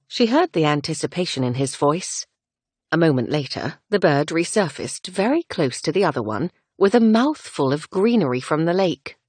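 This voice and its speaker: A woman narrates a romance audiobook in a gentle, measured way. Her voice sits low, and the recording is dry and close with no room sound. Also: dry recording. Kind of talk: scripted narration.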